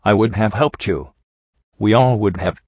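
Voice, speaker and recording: Heartbroken young pegasus mare read by a man, low voice, dry muffled sound. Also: measured pace, husky, dry recording. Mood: hurt, pleading. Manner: emotional, pleading, sobbing delivery. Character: tearful young female pegasus pony, hurt and scolding.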